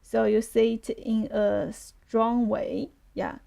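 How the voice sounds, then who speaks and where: A woman's voice: a little high, little pitch movement, slow, creaky, dark tone. A woman with a Chinese accent teaching a live online lesson, patiently repeating words for her learners.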